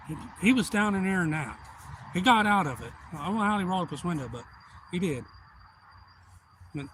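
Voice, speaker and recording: A man's voice: high-pitched, a bit bright, slight background noise. A middle-aged man telling a long, meandering, profane story in casual chat on a live stream.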